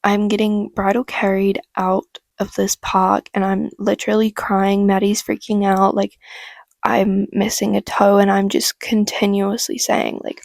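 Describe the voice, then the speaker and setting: A woman's voice: mid-range voice, level tone, a little slow, creaky, darkish tone, dry recording, clean studio sound. A young woman casually telling a story from her childhood, rambling with lots of "like" and the odd swear word. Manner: rambling and chatty, heavy use of "like", swears freely. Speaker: vlogger.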